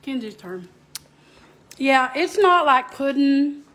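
Southern woman, high voice, homey cooking host, easy y'all-style chat. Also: expressive, slow, a bit bright, a little hiss or hum. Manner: homey, chatty, addresses viewers as y'all. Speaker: home cook host. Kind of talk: casual cooking demo.

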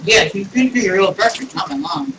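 A man's voice: extremely high pitch, lively intonation, fairly quick, vocal fry. A man rambling casually while playing a game with friends. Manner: rambling, chatty. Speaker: gamer. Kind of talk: casual gaming chat. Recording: distant mic with room noise.

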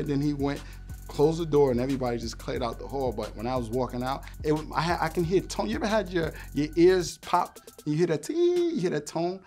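Animated man telling a police story. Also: on the high side, fast talker, soft background music. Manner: animated storyteller, acts out voices in quotes. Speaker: former police officer. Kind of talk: storytelling interview.

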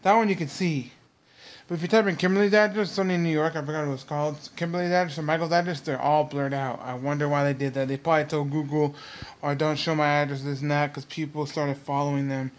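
Young guy ranting on his vlog, worked up, keeps repeating his point at the camera, kinda high voice. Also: fairly even intonation, fast. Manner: agitated, repetitive, talks straight at viewers. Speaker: vlog host.

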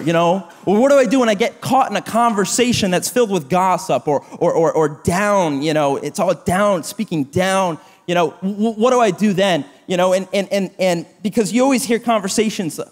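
Man, 30s, pastor, animated sermon, high voice, long hall reverb. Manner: animated, self-deprecating, acts out quoted gossip. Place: church auditorium.

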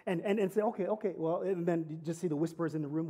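A male pastor speaks quickly in a warm voice on the high side. His earnest sermon mixes conversational, lightly humorous storytelling with emphatic climaxes.

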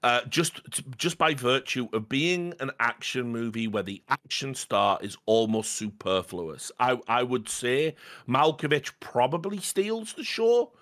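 A man's voice: mid-range voice, animated, unhurried, fairly bright tone. A man co-hosting a casual film podcast, enthusiastic and swearing freely. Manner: enthusiastic, swearing, laughing asides. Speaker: podcast co-host.

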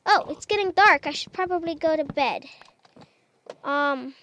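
A woman's voice: sits high, unhurried, a bit bright, slight background noise. A woman casually commenting as she plays a building game, chatty and unsure of herself, talking to the animals she meets. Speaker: gamer. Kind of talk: casual Minecraft let's play commentary.

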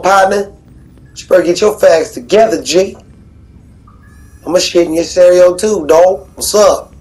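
A man's voice: a little high, unhurried, long pauses, a little mellow, soft background music, low-quality recording. Cocky trash-talking man, street slang. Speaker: gamer trash-talking over voice chat. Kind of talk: casual trash talk while gaming.

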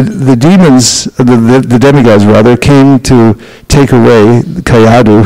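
A man with a gravelly, creaky voice at a medium pitch, teaching a scripture class. He talks directly and coaches his students, pushing them to speak with authority. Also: a little mellow, low-quality recording. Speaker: spiritual teacher leading a class.

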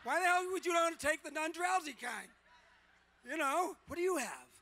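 Loud joking man at a convention panel. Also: very high-pitched, expressive, normal speed, slight background noise. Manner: joking, teasing, often shouting and laughing. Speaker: celebrity convention panel guest. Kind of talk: loud playful banter with fans. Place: large convention hall.

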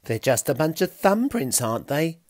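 A man's voice: on the high side, sing-song, normal speed, a little mellow, dry recording, studio quality, voice pushed up. A man voicing a clever, cheeky Stone Age boy who chatters in a self-satisfied way. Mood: chatty.

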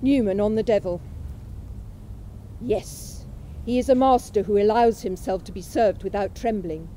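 A woman reading aloud from a lecture at a memorial event in a measured, unhurried way. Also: medium pitch, dark tone, slight background noise, poor audio. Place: college chapel.

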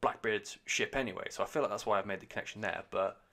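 A man's voice: on the low side, quick pace, pushed and bright. A man giving a rambling, enthusiastic and sweary casual review of an album on a podcast.

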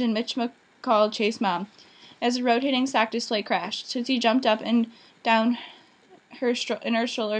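Woman reading a children's novel aloud. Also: a little high. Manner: reads plainly with small slips and restarts. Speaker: audiobook reader.

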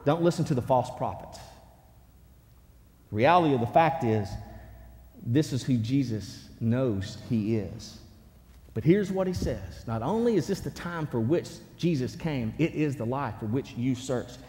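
A man preaching a sermon as pastor, animated, swinging from hushed lines to loud ones. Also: mid-range voice, unhurried, big-room sound. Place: church sanctuary.

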